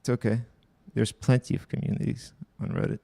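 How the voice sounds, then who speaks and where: A man's voice: medium pitch, huge pitch swings, brisk, vocal fry, dark tone, no room sound. A young man hosting a casual livestream, reading online posts aloud and commenting bluntly with profanity. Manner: blunt, profane, offhand asides.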